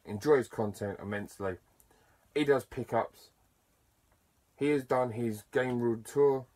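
A man talking casually to camera as a YouTuber, chatty and enthusiastic, with bursts of excitement and self-deprecating asides. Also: mid-range voice. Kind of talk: casual to-camera vlog talk.

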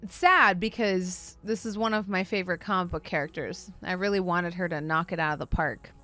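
A woman's voice: lowish voice, fairly even intonation, fairly quick, sharp tone, soft background music. Blunt, sarcastic woman ranting. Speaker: streamer and comic book show host. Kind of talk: casual opinionated review.

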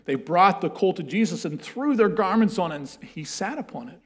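A man preaching a sermon and reading scripture aloud, swinging from loud declarations to hushed words. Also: sits high, expressive, moderate pace, soft background music.

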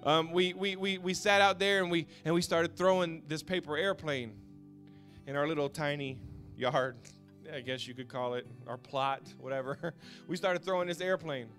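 Impassioned high bright-voiced man preaching. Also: soft background music. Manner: swings from hushed storytelling to shouted passion; halting, repeats words when moved. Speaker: pastor. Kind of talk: emotional personal testimony sermon.

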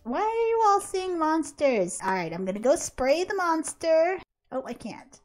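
A woman's voice: very high voice, measured pace. A woman giving playful gameplay commentary, talking to her game characters and often laughing. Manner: animated, laughing, talks to the characters. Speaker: author playing a life-sim game.

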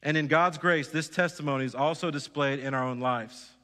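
A man's voice: a little high, a little fast, sharp tone. A pastor preaching a sermon, earnest and exhorting, putting direct questions to his congregation. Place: church sanctuary. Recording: church hall reverb.

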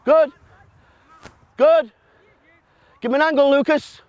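High-voiced, blunt football coach. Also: male voice, fairly even intonation, slow, no room sound. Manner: shouting instructions to players on a pitch, then explaining quietly to an audience; blunt, joking. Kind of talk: coaching session with live demonstration. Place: outdoor football pitch.

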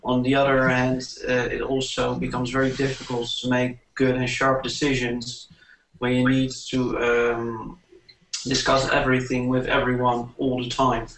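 A man speaking in a measured way on a panel. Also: mid-range voice, monotone, a bit bright, slight background noise. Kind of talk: panel discussion. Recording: echoey room, distant mic.

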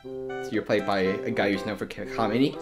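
A woman's voice: a bass voice, flat delivery, a little fast, over music, voice pushed down. A woman voicing Mario as a chatty, teasing fan in casual fan comedy voice acting. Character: cheerful young adult man, Mario, excitable fan.

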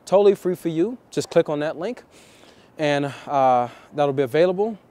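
A man coaching viewers on dating in a vlog, talking deliberately and repeating key phrases for emphasis. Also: fairly high pitch, lively intonation, dark tone.

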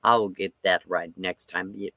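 A man's voice: sits low, steady tone, moderate pace, sharp tone, no echo. An older man hosting a livestream, telling a rambling story casually and chuckling often between lines. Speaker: livestream host.

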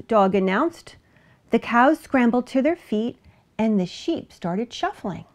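A woman reading a children's picture book aloud with an expressive, animated delivery. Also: mid-range voice, takes it slowly. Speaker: storybook reader. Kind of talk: children's story read-aloud.

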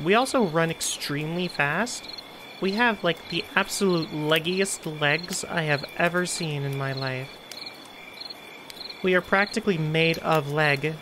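A woman's voice: sits low, background noise. Jumpy chatty woman gamer. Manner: chatty, jumpy, laughs often. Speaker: gaming streamer. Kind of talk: let's play commentary.

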